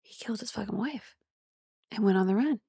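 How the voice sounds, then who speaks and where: A woman's voice: mid-range voice, fairly quick, gravelly, mellow, husky, no echo, clean studio sound. A woman co-hosting a true-crime podcast, blunt and casual, cursing in short reactions. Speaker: podcast co-host.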